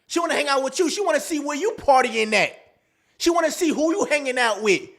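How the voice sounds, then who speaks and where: A man's voice: extremely high pitch, expressive, quick pace, a bit bright. A man hosting a dating advice talk, in a casual, slangy monologue that acts out quoted lines.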